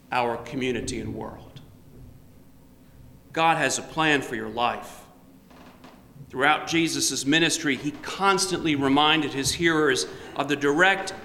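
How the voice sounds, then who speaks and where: Man, fairly high voice, very slow measured preaching, roomy echoing sanctuary. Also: a bit bright, a little hiss or hum. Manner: slow, measured delivery with light humor. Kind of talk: sermon. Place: church sanctuary. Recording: roomy church with long reverb.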